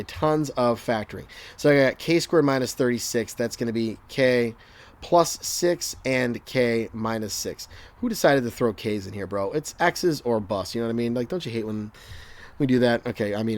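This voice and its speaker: Chatty, joking young male math teacher. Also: mid-range voice. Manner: chatty, jokey, talks to students as he works. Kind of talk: casual recorded math lesson. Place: at home. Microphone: desk microphone.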